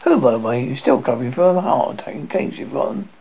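A man voicing a sharp-tongued, sarcastic older mother who scolds her grown son, in a storybook reading. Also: mid-range voice, expressive, quick pace, vocal fry, breathy edge, phone-quality sound. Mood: gleeful.

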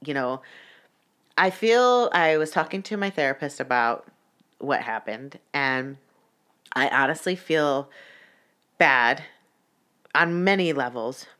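Low-voiced woman telling a heated story. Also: animated, slow, pauses often, a bit bright. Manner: profane, heated, many "like" fillers. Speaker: vlogger. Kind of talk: casual storytelling.

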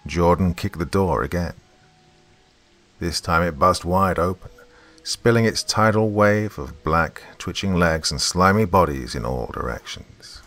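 A man's voice: low voice, a bit bright, no echo. A man narrating a horror story in the first person, in a tense, dramatic way.

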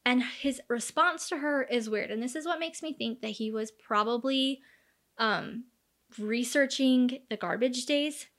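Her voice is on the high side and a bit bright, and she takes an unhurried pace. A woman in her thirties, she chats casually through a true crime case with many fillers, acting out what people said.

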